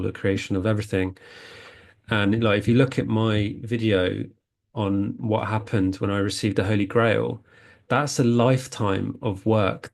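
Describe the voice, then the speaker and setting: A man's voice: on the low side, vocal fry. A man talking earnestly as a spiritual healing coach, rambling and often restarting his sentences. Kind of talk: casual spiritual talk.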